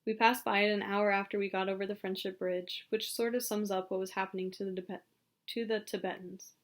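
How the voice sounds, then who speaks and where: A woman reading an audiobook aloud in a calm, even storytelling manner. Her voice sits at a middle pitch for a woman. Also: fairly quick. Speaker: audiobook reader. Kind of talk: audiobook narration.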